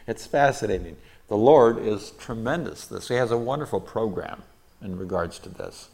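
An older man, a pastor, reading a Bible passage aloud and then explaining it in an unscripted teaching style, pausing with fillers and restarting sentences as he goes. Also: lowish voice, vocal fry, a little mellow.

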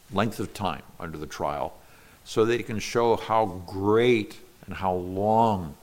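Man, fairly low voice, earnest bible teaching, patient explaining. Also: slight background noise. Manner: earnest, explanatory, with small restarts.

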